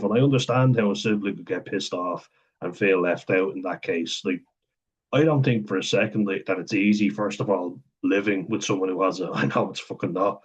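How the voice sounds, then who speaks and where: A man's voice: sits low, brisk, breathy edge. A man vlogging in a rambling, candid way, swearing casually and laughing often as he reads and comments. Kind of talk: casual talk to camera, reading and commenting.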